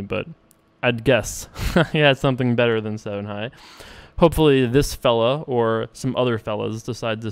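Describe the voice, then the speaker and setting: A man from the United States talks through his poker hands in a relaxed, thinking-aloud way. His voice is smooth and clear at a middling pitch, and he often pokes fun at himself. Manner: chatty, self-deprecating, thinks aloud. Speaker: poker vlogger. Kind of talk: casual poker commentary.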